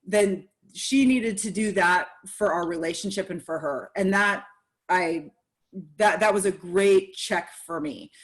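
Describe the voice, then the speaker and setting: A woman speaking candidly in a casual podcast conversation, animated and acting out the reactions of others. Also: mid-range voice.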